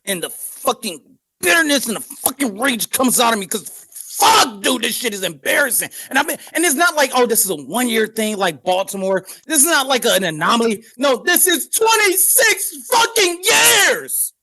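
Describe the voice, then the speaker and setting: A man co-hosting a sports podcast, ranting with heavy profanity, repeating himself and often shouting. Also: very high-pitched, big pitch swings, a little fast, husky. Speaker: podcast co-host. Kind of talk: heated sports-talk rant.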